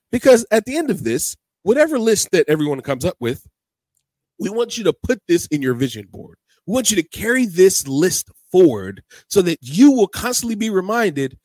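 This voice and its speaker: Podcast host guy, lively up-and-down voice, rambles a bit, dry close mic. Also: high voice, a little fast, dry recording. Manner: animated, rambling storyteller. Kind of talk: casual podcast chat.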